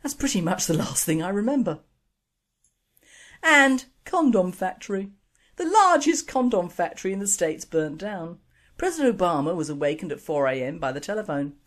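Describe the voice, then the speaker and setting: A woman's voice: on the low side, lively intonation, moderate pace. A woman hosting an online radio show, reading opinionated scripted commentary and jokes. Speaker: radio host.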